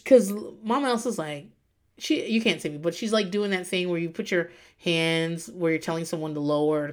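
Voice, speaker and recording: A woman recapping in casual chat, animated, laughing often and swearing freely. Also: medium pitch. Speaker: podcast host recapping reality TV.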